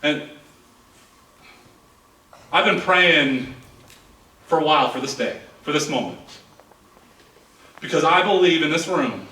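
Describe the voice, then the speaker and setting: A man's voice: a little high, lively intonation, takes it slowly, long pauses, sharp tone. A man in his thirties preaching a sermon as pastor, earnest and repeating words as he builds his points. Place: church sanctuary. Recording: echoey church hall from far off.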